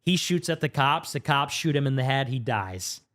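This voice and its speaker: A podcast guest, male, narrates a story rapidly and with plenty of animation, marked by sudden pitch shifts. It's a relaxed storytelling interview recorded in a podcast studio.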